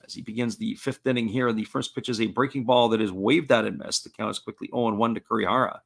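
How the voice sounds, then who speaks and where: A man giving live baseball play-by-play commentary, folksy and steady, reading out chat messages between pitches. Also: fast, creaky.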